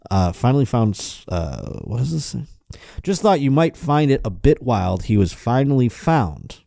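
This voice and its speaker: A male podcast host riffing sardonically and profanely while reading news articles aloud, running low on energy. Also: gravelly, dark tone, no echo, clean studio sound. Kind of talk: casual comedic podcast chat.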